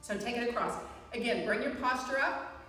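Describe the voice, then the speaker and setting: A woman instructor guiding a live chair yoga class, with calm, encouraging cues and frequent reminders to breathe. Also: on the high side, normal speed, recorded from a distance, faint music behind. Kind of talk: live guided fitness class. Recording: echoey hall, voice from afar.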